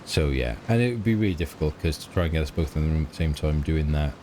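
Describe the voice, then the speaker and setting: A rumbling low, darkish voice belongs to a middle-aged British gamer who speaks fast and animatedly while playing a farming game for a let's play. He rambles hesitantly, often trails off, and mocks himself, with slight background noise present.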